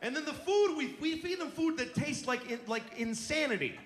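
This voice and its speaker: At a moderate pace and in a very high, animated voice, a middle-aged comedian does an exasperated, profane stand-up rant on stage. The live audience is faint, with laughter and room ambience in the background.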